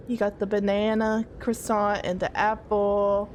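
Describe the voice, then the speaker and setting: A woman's voice: medium pitch, level tone, unhurried, darkish tone, a little hiss or hum. A young woman streaming a horror game, jittery and talking to her chat as she checks things off aloud. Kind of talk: casual horror game let's play.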